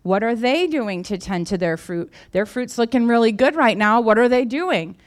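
A woman's voice: a little high, lively intonation, normal speed. A woman pastor giving a sermon in a conversational way, repeating key phrases for emphasis.

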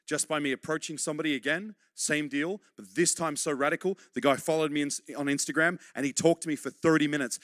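A middle-aged man preaching a sermon, urging and repeating points for emphasis, then dropping to quiet, close tones. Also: a little high, steady tone, fast talker, hardly any pauses, no echo.

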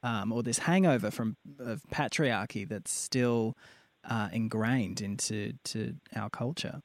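A man's voice: on the low side, a little slow, dry recording. A man interviewing a musician, asking his questions hesitantly with many fillers. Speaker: radio interviewer.

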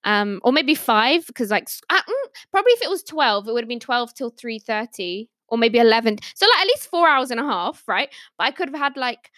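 A woman's voice: a little high, sing-song, a little fast, fairly bright tone, no room sound, studio quality. A young woman on a podcast panel, casually telling stories and laughing often as she talks. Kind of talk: casual storytelling.

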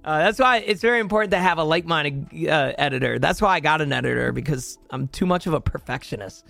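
A man's voice: a little high, fast talker, vocal fry, pushed and bright, soft background music. A young man hosting a casual podcast chat with a friend, upbeat and agreeable, going off on rambling tangents. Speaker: podcast host.

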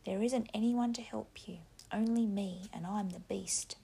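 Woman voicing a pig's head demon, gravelly rasp, airy, whispered reading, patronizing, threatening. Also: medium pitch, steady tone, a little slow, mellow, full character voice. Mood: taunting. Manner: taunting, patronizing, rising to angry threats. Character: menacing talking pig's head, mocking schoolmaster.

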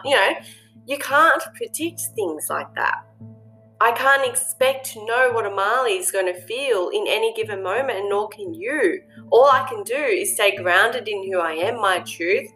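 A woman's voice: medium pitch, fairly bright tone. A woman hosting a casual monologue, speaking earnestly and reflectively with plenty of ums and you-knows. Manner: earnest, reflective, lots of fillers. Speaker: host.

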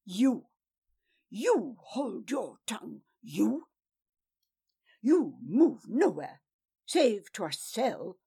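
A furious lord barks orders and accusations, as a woman narrator puts him on, loud and raised in pitch. The storybook figure is jealous and commanding. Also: sing-song, slow pace, slightly rough, heavily acted.

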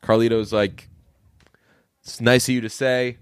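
On a podcast, a male co-host casually recaps a movie plot at an unhurried pace, his voice smooth. He tells the story with animation, acting out the characters' quoted lines in a raised, higher voice. The recording is dry and clean, with studio sound.

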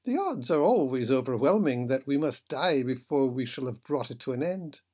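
A man doing a gentle philosopher ship captain. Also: mid-range voice, expressive, normal speed, lightly acted. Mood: musing. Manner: gentle, reasoning, lofty. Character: genteel philosophical male ship captain, calm.

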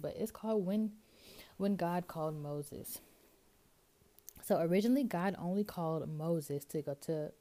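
A woman hosts a podcast, reading scripture and then explaining it in a chatty, informal way. Her voice is low and mellow, and she often pauses on fillers. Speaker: podcast host. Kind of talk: casual scripture reading and commentary.

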